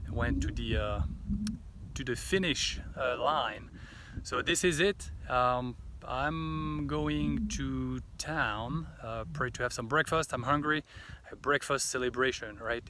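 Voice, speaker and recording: A man talking casually to the camera outdoors about his solo overland trip, halting often with filler sounds and restarts. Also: mid-range voice, bright, forceful tone, slight background noise. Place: outdoors at a trail's end.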